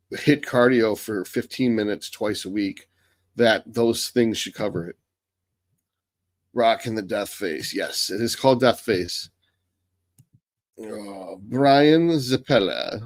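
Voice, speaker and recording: American guy doing a live q&a, blunt and sweary, mid pitch, dead dry mic. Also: no echo. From United States. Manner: blunt and profane, reads viewer questions aloud. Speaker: host answering viewer questions. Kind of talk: casual live-stream Q&A.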